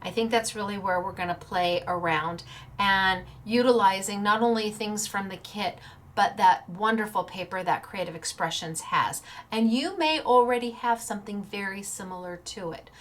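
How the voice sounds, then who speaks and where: A woman's voice: medium pitch, normal speed, fairly bright tone. A woman hosting a paper-crafting show, talking in a bubbly, chatty way, laughing often and acting out little quotes. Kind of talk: casual chatty livestream.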